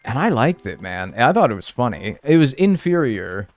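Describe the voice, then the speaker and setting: A man's voice: mid-range voice, normal speed, faint music behind. A young man chatting casually and rambling on a live gameplay stream, swearing freely as he talks. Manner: animated, chatty, swears a lot.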